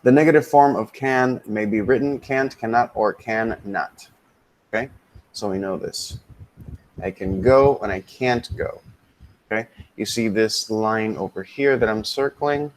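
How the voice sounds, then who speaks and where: Relaxed man teaching English grammar, fairly low. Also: moderate pace, slight background noise, poor audio. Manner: relaxed, thinks aloud with many ums and mutters asides. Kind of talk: casual grammar lesson, switching into Spanish.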